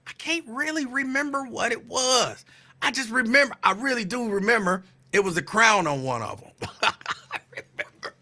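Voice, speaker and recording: A man's voice: very high-pitched, expressive, normal speed, sharp tone. A man hosting his own podcast, teasing and calling someone out in a profane, repetitive casual rant. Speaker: podcast host.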